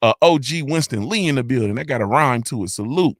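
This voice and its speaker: Lauter Moderator mit Singsang-Ansagen. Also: male voice, mid-range voice, expressive, a little fast, dry recording, clean studio sound. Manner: loud, hyped, sing-song roll call with slang. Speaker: host. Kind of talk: casual livestream shout-outs.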